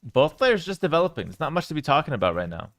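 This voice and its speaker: A young man casting a strategy game live on stream, his voice rising and falling a lot as he flips between calm chat with viewers and excited play-by-play. He is a bit high for a man and sits close to a dry, tight desk mic. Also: fast, dry recording. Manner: chatty, reacts to chat, bursts of excitement.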